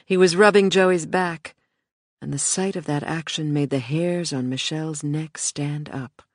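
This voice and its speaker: Slow, measured audiobook narrator. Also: mid-range voice, fairly even intonation, no room sound, clean studio sound.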